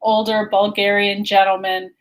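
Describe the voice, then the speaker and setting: A woman co-hosting a wellness talk show, telling a travel story in a relaxed, easygoing way with frequent laughs. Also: medium pitch, moderate pace, poor audio. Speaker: co-host. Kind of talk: casual chat. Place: remote location in California.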